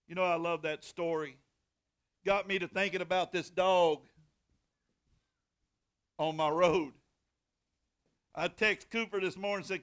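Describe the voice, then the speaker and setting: Middle-aged man, high-pitched pastor; folksy sermon delivery with slow dramatic reading and loud hollers. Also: smooth. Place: church sanctuary.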